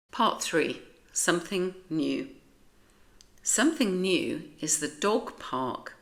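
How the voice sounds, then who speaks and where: A woman with a British accent reading a children's picture book aloud in a gentle, expressive way. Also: lowish voice, takes it slowly, creaky.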